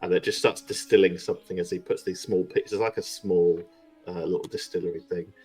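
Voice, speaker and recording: A man's voice: sits low, fairly even intonation, fairly quick, warm tone, slightly rough, soft background music. A man playing in a tabletop game, chatting casually with laughing asides. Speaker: player.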